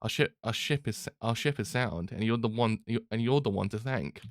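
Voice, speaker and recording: A man's voice: medium pitch, normal speed, no room sound, studio quality, close to an everyday voice. A man reading aloud a kindly middle-aged male baker, in a plain read-aloud delivery. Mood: warm, earnest.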